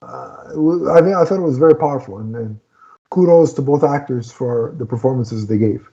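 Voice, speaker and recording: A man's voice: medium pitch, lively intonation, brisk, mellow, dull audio. A man co-hosting a casual film review, retelling scenes with lots of restarts and fillers. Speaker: podcast co-host reviewing a film.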